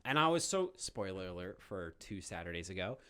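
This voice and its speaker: A man's voice: low voice, very animated, fairly quick, a bit bright, clean tone. Easygoing man telling a story. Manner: casual storytelling, many "like" fillers. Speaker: podcast co-host. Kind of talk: casual chat.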